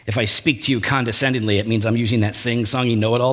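A man preaching a sermon, earnest, with frequent rhetorical asides and big swings in pitch and loudness. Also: fairly even intonation, fast talker, few pauses. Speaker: pastor.

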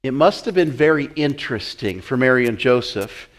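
A man preaching a sermon in an animated way, often repeating words as he acts out the scene. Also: mid-range voice, normal speed.

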